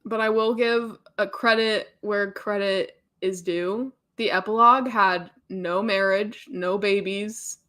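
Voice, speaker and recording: A woman's voice: mid-range voice, steady tone, slow, hardly any pauses, pushed and bright. A young woman co-hosting a book club, chatting casually and giving strong opinions with frequent laughs. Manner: chatty, opinionated, laughs often, quotes characters in funny voices.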